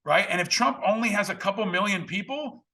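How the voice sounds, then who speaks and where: Bright, high-voiced man hosting. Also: a little fast. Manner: earnest, emphatic, blunt. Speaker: podcast host. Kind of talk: casual political conversation.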